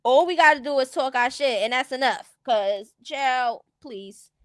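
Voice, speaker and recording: Brief: high-pitched woman streamer, sassy and blunt, dry close sound. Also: a little slow, fairly bright tone, dry recording. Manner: blunt, sassy, laughs often. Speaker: stream host. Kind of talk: casual commentary chat.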